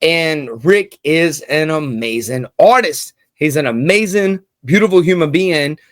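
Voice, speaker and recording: A man's voice: a little high, lively intonation, unhurried, no room sound, clean studio sound. A man hosting a casual commentary vlog, hyped and slangy, repeating lines for emphasis. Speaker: channel host.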